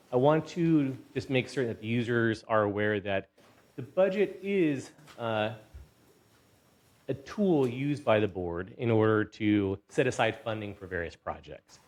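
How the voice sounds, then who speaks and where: A man reads a formal notice aloud to a board, then explains it in plain terms with the odd "um". He sounds a little out of breath, and his pitch sits in an ordinary middle range. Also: a little hiss or hum. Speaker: staff presenter at a board meeting. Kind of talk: formal staff report. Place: boardroom meeting.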